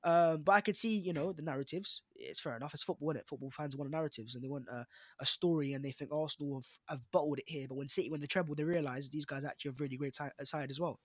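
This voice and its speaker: A young man with a London accent arguing emphatically in a casual football podcast debate. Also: a little high. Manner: fast, emphatic, argumentative. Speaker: podcast panelist, Arsenal fan.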